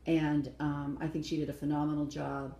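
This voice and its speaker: Woman co-host, blunt and opinionated; low, mellow voice; echoey room. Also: little pitch movement, normal speed, gravelly. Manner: opinionated, blunt, acts out quotes. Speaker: co-host reviewing a dance show. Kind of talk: casual chat review.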